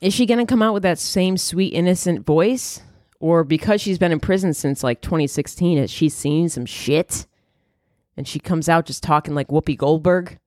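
A woman comedian hosting a podcast, talking in a profane, rambling monologue that swings into loud high exclamations. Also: normal speed, no echo, clean studio sound.

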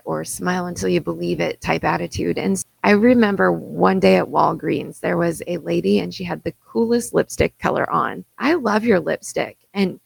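A woman's voice: on the low side, normal speed, creaky, few pauses, slightly rough, dry recording. A woman co-hosting a casual chat, talking in an earnest, encouraging way. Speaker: podcast co-host.

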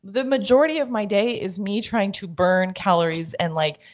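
A woman's voice: mid-range voice, normal speed. A woman, co-hosting a casual chat and telling blunt, profanity-laced stories. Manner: blunt, swears freely, animated storytelling. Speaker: podcast co-host.

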